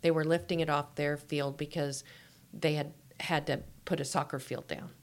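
Woman, middle-aged, lively storyteller, slightly low voice, laughs often. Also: moderate pace. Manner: animated, laughing storyteller acting out quotes. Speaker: guest author. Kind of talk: storytelling in an interview.

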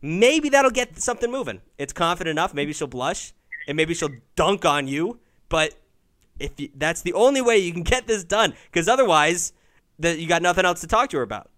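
A man with a slightly high voice hosts a call-in advice show, pushing callers along with blunt, profane encouragement. The sound is close and dry, with no room echo. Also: sing-song, normal speed, fairly bright tone. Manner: encouraging, emphatic, cusses freely.

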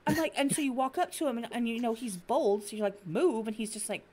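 A middle-aged woman co-hosting a stream, telling blunt, animated stories in casual chat. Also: on the high side, fast. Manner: blunt, animated storyteller acting out her cat. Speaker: stream co-host.

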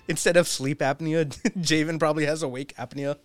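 A man's voice: a little high, moderate pace, dry recording, faint music behind. A young man co-hosting a podcast, telling stories in casual chat and laughing often. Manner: relaxed storyteller, laughs often. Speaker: podcast co-host.

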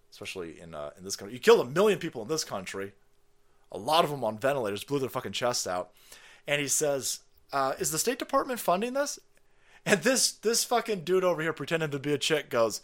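A man's voice: mid-range voice, a bit bright. A man hosting a stream, ranting in angry, swearing, mocking commentary on a played clip. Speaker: stream host.

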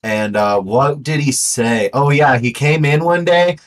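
A man's voice: medium pitch, a little slow, recorded from a distance. A man, a podcast co-host, telling a story in meandering casual banter.

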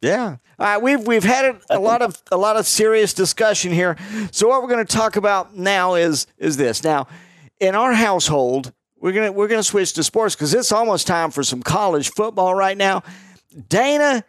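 Host: high-pitched man from Florida, opinionated and emphatic, dry close sound. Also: expressive, moderate pace, no room sound. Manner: opinionated, emphatic, repeats words. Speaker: podcast host. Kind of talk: casual political chat.

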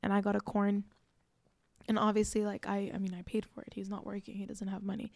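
A woman's voice: mid-range voice, completely flat delivery, a little fast, creaky, darkish tone, no room sound. A woman in her twenties, a podcast host, telling a personal story in an earnest, reflective way with many casual fillers. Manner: earnest, reflective, frequent "like" and "you know".

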